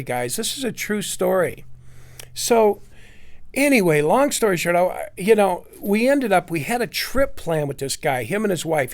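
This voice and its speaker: A middle-aged man rambling through a personal story, acting out what others said. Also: a little high. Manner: rambling, with restarts and acted-out quotes. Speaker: storyteller recounting personal experience.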